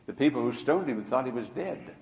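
An older man preaching a sermon as pastor, shifting from hushed storytelling to loud, emphatic exhortation. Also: medium pitch, animated, fairly quick, vocal fry, long reverb tail, a little hiss or hum.

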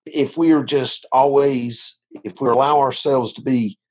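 Husky male minister, earnest rambling storyteller, conversational interview. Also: medium pitch, steady tone, unhurried, a little mellow. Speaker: minister sharing his testimony.

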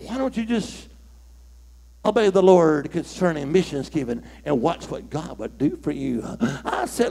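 High-pitched shouting preacher man. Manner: call-and-response, shouting, whooping. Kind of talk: fiery sermon storytelling.

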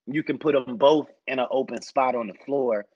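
A man's voice: medium pitch, moderate pace, a little mellow, slightly rough, dry recording. Man in casual basketball talk, slightly muffled. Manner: thoughtful, rambling with fillers. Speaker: basketball podcast analyst. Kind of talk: casual sports discussion.

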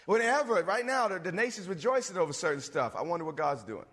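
A man preaching a sermon, animated, swinging between loud bursts and low asides. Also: fast. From suburbs. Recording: long reverb of a hall.

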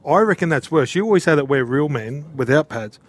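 A man's voice: on the high side, expressive, a little fast, dry recording. A man, co-hosting a sports radio show in a jokey, chatty way. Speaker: radio co-host, former rugby league player. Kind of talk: casual radio chat.

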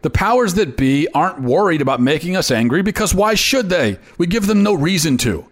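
A man's voice: a little high, expressive, a little fast, few pauses. A man hosting an opinion commentary show, talking emphatically and often repeating words for effect. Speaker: host.

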